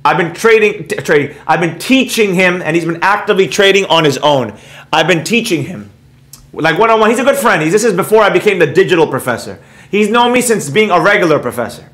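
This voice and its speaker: A man's voice: sits high, brisk. A middle-aged man hosting a trading channel in a casual, lecturing monologue to his viewers, brash and repetitive, reading and answering live chat comments. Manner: animated, repeats points for emphasis. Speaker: trading educator and channel host.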